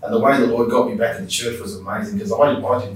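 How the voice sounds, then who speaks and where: A man's voice: mid-range voice, steady tone, very fast, a little hiss or hum. A man earnestly telling his personal faith testimony as an interview guest, heartfelt and conversational. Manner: earnest, heartfelt storytelling with restarts. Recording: roomy echo, distant mic.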